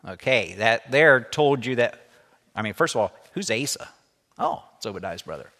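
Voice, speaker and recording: A man's voice: medium pitch, lively intonation, normal speed, sharp tone. Man teaching while reading a story. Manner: explanatory, stops to comment. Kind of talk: reading aloud and explaining a story. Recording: echoey room with long reverb.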